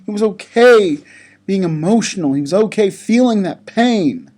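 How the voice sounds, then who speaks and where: A speaker giving a chapel talk to school children, telling a story gently and asking the listeners questions. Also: mid-range voice, expressive, normal speed.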